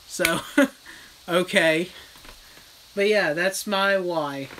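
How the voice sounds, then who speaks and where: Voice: medium pitch, extremely slow, slight background noise, low-quality recording. A horror vlogger in a casual livestream rant, retelling a film bluntly with lots of swearing. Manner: blunt, profane, animated storytelling. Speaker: horror vlogger reading live chat.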